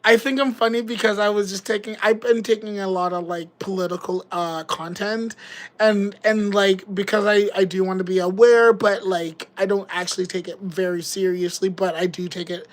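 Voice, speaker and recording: A woman's voice: medium pitch, steady tone, moderate pace, rough recording. A woman, hosting a casual livestream and chatting in a giggly, rambling, joking way. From Canada. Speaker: livestream host.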